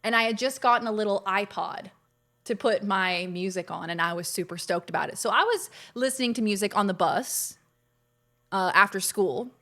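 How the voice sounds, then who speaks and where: At a medium pitch and normal speed, with a sharp tone, a young woman chats to viewers on her casual game stream. She's bubbly and chatty, gushing over each greeting.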